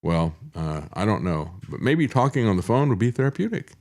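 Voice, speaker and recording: Sardonic low-voiced male show host. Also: big pitch swings, a little fast, a little mellow. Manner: sardonic, chuckling asides, frequent "uh" fillers. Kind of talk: political commentary show.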